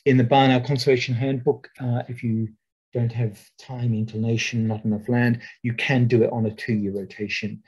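A man who owns a nature reserve gives a webinar talk over a video call. He speaks in a relaxed, rambling way, with many ums and restarts. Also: medium pitch, normal speed, husky, poor audio.

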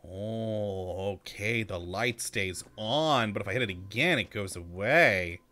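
A man's voice: on the low side, slow pace, sharp tone. A man hosting a let's-play video, chatting casually to himself and laughing often as he plays. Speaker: gaming channel host.

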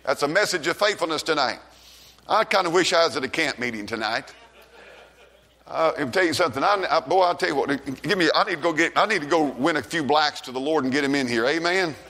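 A man preaching a revival sermon, fervently calling out and then dropping to a hushed tone. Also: a little fast. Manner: fervent, shouts rises then drops low and hushed.

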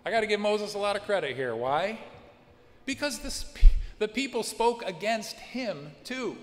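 A male pastor delivers a sermon with a slightly high-pitched voice, acting out the quoted voices with lively emphasis. His words carry a long reverb through the church sanctuary, with a faint room hum underneath. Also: moderate pace. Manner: expressive preaching with acted-out quotes.

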